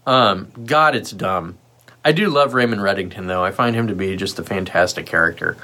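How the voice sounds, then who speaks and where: A man's voice: low voice, normal speed. A man hosting a livestream, talking casually and rambling with lots of fillers and asides. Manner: puts on lively voices when quoting others. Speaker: livestream host.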